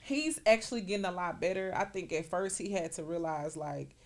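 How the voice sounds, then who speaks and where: Black woman chatting on a podcast, low-ish voice, acts out the quotes when she tells a story. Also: a little fast, over a noisy crowd. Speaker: podcast guest. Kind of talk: casual conversation.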